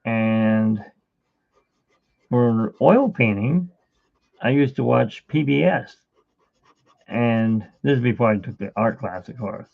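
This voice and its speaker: Speaking slowly with vocal fry and long pauses, a middle-aged art streamer chats and tells rambling stories while drawing live. His pitch is medium, and the livestream sound is tinny and phone-like.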